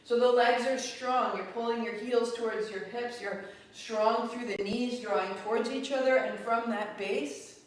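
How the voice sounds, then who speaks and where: A woman's voice: a little high, unhurried, few pauses. Woman guiding yoga in an echoey room. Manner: calm, rhythmic cueing of breath and movement. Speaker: yoga teacher. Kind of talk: guided yoga class instruction. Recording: very echoey, distant, faint room noise.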